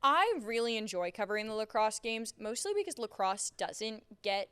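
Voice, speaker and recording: A woman's voice: a little high, very animated, normal speed, fairly bright tone, smooth. A young woman with a Central New York accent, co-hosting a casual sports podcast as a local sports reporter, talking with lots of "like" and "I mean.". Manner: chatty, frequent "like" and "I mean". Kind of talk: casual chat.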